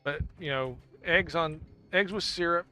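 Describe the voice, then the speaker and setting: A chatty male game streamer with a bright, forceful tone and a slightly high voice, rambling jokily and thanking his viewers as he plays. Faint game music runs underneath his talk. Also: measured pace. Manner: chatty and jokey, thanking viewers, with laughs and sudden loud exclamations. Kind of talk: casual live-stream chat while gaming.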